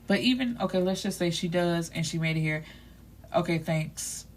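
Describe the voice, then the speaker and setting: A woman with a slightly low voice recaps a novel's plot like she's spilling gossip to a friend. She talks casually and leans on "you know" and "like." She drops blunt, salty asides along the way. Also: fast talker, slight background noise. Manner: chatty, leaning on "you know" and "like". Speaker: book reviewer.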